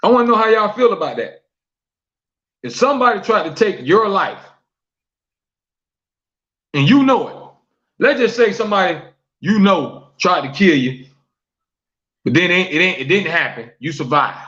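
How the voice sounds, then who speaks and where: A man's voice: sits high, expressive, moderate pace, long pauses, fairly bright tone, highs cut off. A man hosting a live-streamed talk show, repeating questions to his viewers, reading their comments aloud and preaching about forgiveness.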